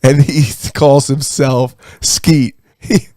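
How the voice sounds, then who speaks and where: Male podcast co-host, mid-pitched, chatty, laughs easily, dry close mic. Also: steady tone, drawn-out words, dark tone, dry recording. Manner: chatty, cracks up often. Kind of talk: casual banter.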